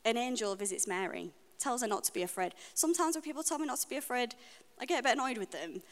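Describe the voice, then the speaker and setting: A woman with a British accent giving a sermon in a church, speaking in an earnest, personal and reflective way with frequent pauses. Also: on the high side, animated. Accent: British English. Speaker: preacher. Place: church hall. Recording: long reverb of a church hall.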